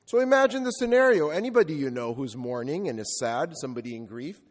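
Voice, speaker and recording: A man's voice: fairly high pitch, expressive, fast. A male Catholic priest preaching a sermon with reflective storytelling and rhetorical repetition. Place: church. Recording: long reverb of a large church.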